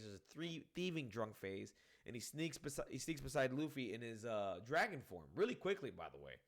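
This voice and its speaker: Reviewing a manga chapter out loud, this man speaks at a medium pitch in a loose, animated, rambling way. He curses freely and plugs gaps with "um" and "you know what I mean."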